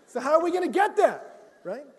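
A man preaching a sermon in a church, telling lively stories with jokes and acted-out quotes. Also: very high-pitched, brisk, long reverb tail.

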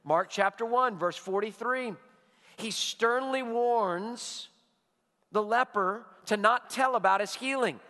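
A man preaching a sermon as pastor, telling stories with animation and dropping to a hush for emphasis. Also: extremely high pitch, slow pace, in a large hall. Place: church sanctuary.

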